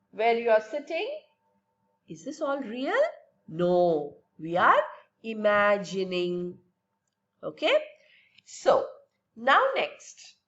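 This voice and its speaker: A woman's voice: fairly high pitch, a bit bright, dull audio. A woman teacher giving a recorded science lesson to young children, asking and answering her own questions in a patient, lilting way.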